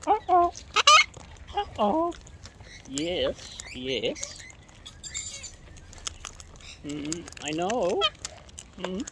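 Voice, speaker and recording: A woman's voice: on the low side, wildly swooping pitch, drawn-out words, pauses often, heavy background noise. A woman talking playfully to wild birds outdoors while feeding them, cooing and scolding them in baby talk. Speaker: bird feeder filming wild birds.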